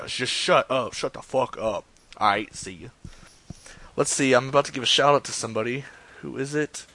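A man's voice: mid-range voice, a bit bright, no echo. Man, streamer, prank calls, crude jokes, rambling casual talk. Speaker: live-stream host making prank calls. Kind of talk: casual profane streaming chat.

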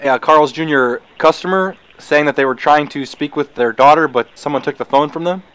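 A man playing a corporate office official who questions a worker briskly and with authority. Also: fairly high pitch, fairly bright tone, clean tone, no echo, lightly acted. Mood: officious.

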